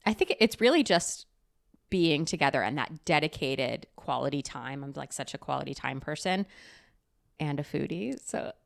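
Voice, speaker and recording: A young woman from the Northeast US, co-hosting a podcast in casual chat, chatty and quick to laugh. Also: deep voice, creaky, no echo, clean studio sound. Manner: chatty, giggly, animated storyteller. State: pregnant. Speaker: podcast co-host.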